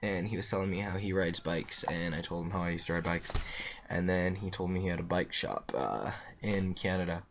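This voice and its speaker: A man's voice: low voice, brisk, highs cut off, slight background noise. A young man telling a story in a rambling, offhand way, with lots of fillers. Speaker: vlogger. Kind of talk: casual storytelling.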